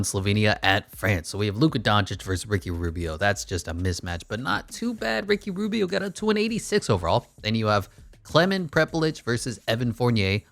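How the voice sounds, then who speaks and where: A young man talks through a basketball video game simulation, cracking jokes and firing off stat lines in a casual play-by-play. His voice sits fairly low. The sound is dry and close, with no room around it. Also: a bit bright, dry recording. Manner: jokey play-by-play with quick stat rundowns. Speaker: gaming YouTuber.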